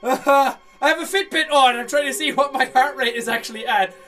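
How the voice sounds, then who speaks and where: A man commentating as he plays a horror game, jumpy, swearing and shouting when scared. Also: very high-pitched, fairly quick, far from the mic, faint music behind. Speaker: gamer playing a horror game. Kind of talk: let's play commentary.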